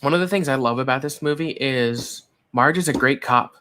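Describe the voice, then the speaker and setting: A co-host chatting casually during a movie watch-along, agreeable and quick to laugh. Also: mid-range voice, bright, forceful tone. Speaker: podcast co-host.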